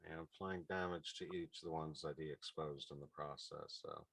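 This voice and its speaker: A man acting as game master, narrating a tabletop game in a relaxed, easygoing way. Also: extremely low pitch, moderate pace, far from the mic, a crowd in the background.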